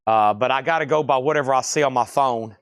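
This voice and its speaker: A man hosting a live-streamed record sale speeds through items and prices with chatty asides. His medium-pitched voice is fairly bright and clean, captured in a clean studio with no room sound.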